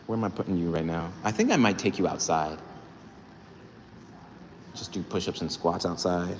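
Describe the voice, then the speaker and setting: A young rapper livestreams from an echoey indoor gym, faint noise in the background, chatting through viewer comments at normal speed. His voice is low-ish and relaxed, and he rambles while hyping and thanking his audience.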